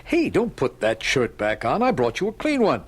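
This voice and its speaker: A man's voice: mid-range voice, huge pitch swings, moderate pace, slightly rough. An actor playing a male guard who chats breezily with a prisoner, in an old radio drama. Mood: breezy. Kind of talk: 1970s radio drama acting.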